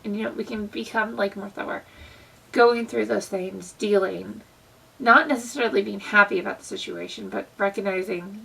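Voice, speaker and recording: Earnest young woman, gravelly and husky. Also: medium pitch, moderate pace, sharp tone, recorded from a distance, poor audio. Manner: earnest, conversational, many fillers. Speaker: Christian vlogger. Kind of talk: casual devotional vlog talk.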